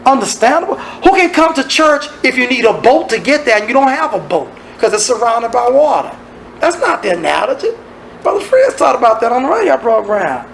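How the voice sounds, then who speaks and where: A man's voice: very high voice, fairly bright tone, slight background noise, low-quality recording. A man teaching a Bible study, asking his listeners one rhetorical question after another. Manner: preachy, asks many rhetorical questions.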